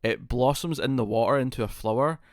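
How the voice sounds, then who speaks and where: A man's voice: medium pitch, brisk, no echo, studio quality. A man with a British accent chatting casually as co-host of a TV review show, rambling and acting out scenes. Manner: rambling, acts out characters' lines with laughs. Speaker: podcast co-host.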